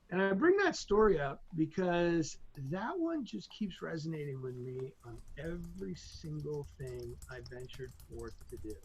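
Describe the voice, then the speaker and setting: An emphatic male guest tells motivational stories with real energy, his gravelly voice swinging widely in pitch. He keeps tossing in "right?" to pull the listener along. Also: dull audio. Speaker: guest, entrepreneur. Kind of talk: animated motivational storytelling.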